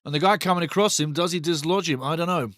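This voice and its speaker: A man hosting a live football watch-along, commenting on play with excitable, sweary banter aimed at his chat. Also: a little high, quick pace, dry recording, clean studio sound.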